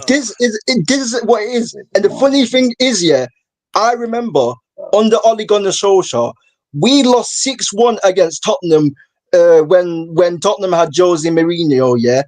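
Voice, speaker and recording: A man's voice: sits high, lively intonation, moderate pace, darkish tone, dry recording. A young man ranting in casual football banter, repeating himself in disbelief and dropping "bro" constantly. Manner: rant-like, repeats "bro", incredulous. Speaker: guest.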